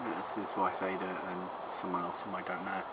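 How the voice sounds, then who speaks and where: Low, fast man, dry sweary banter, noisy outdoor background. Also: little pitch movement. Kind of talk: casual chat between friends.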